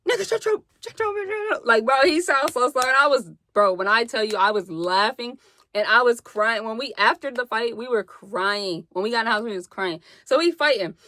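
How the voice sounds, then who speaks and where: Young woman, high voice, bright, slangy storytime vlog, profane, animated. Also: normal speed. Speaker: vlogger.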